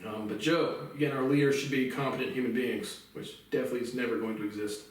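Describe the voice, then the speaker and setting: A man's voice: medium pitch, fairly even intonation, fast talker. A man talking alone to camera in a profane, rambling rant that keeps turning heated. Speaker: vlog host. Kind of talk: solo rant monologue. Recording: echoey room, far from mic.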